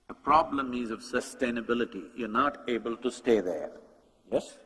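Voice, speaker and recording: A man giving a public talk at a conference. He is animated, asks rhetorical questions and speaks straight to the audience. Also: mid-range voice, husky. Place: large conference hall. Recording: long hall reverb.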